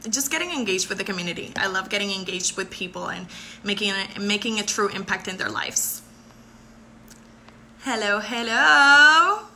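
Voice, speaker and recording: Brief: 20s woman, live stream host, effusive and bubbly, very bright voice over faint hiss. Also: mid-range voice. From Puerto Rico. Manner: bubbly and effusive, quick to thank and laugh. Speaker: beauty pageant contestant. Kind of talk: live stream answering viewer comments.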